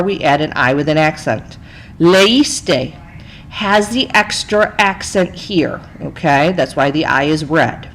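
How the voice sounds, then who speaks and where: A woman's voice: on the low side, low-quality recording. Woman teacher talking thru slides, chatty, voice bouncing up and down, bit of faint background noise. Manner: lively, chatty, explains step by step with frequent "okay?". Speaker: Spanish teacher. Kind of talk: recorded slide lesson narration.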